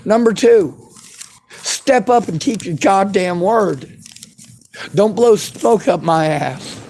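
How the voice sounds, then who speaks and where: A man's voice: high-pitched, lively intonation, slow pace, darkish tone. A man delivering an angry monologue to camera, bitter and heavy with profanity. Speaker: vlogger.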